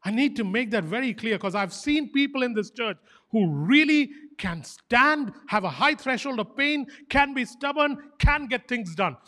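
A man's voice: very high voice, moderate pace. A man preaching a sermon as pastor, emphatic and fervent, repeating short phrases for stress. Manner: fervent, animated exhortation.

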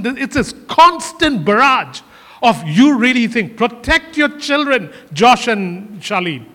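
A man's voice: very high-pitched, sing-song, slow pace, sharp tone. A male pastor preaching a sermon in earnest, often repeating his phrases for emphasis. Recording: hall reverb.

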